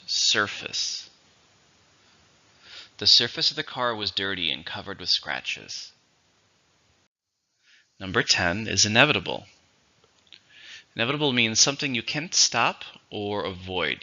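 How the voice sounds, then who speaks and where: A man teaching English vocabulary, explaining words slowly and repeating each one. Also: on the low side, bright, forceful tone, dull audio. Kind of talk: vocabulary lesson.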